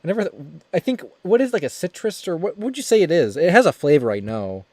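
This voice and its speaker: A young man hosting a casual livestream while drawing, talking in halting, rambling bursts with quick laughs. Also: high voice, huge pitch swings, a little mellow, dry recording. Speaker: streamer host.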